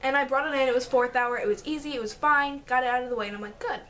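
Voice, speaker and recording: A teenage girl telling stories in a casual home vlog, energetic and giggly, acting out what people said. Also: sits high, very fast. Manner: energetic, animated, acts out quotes, giggly. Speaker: vlogger. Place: bedroom at home.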